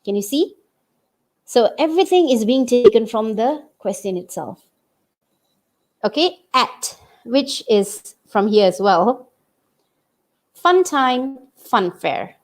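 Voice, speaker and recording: A woman's voice: fairly high pitch, sing-song, takes it slowly, long pauses. A woman from Malaysia teaching English writing online, explaining step by step and checking in with "okay?" as she goes.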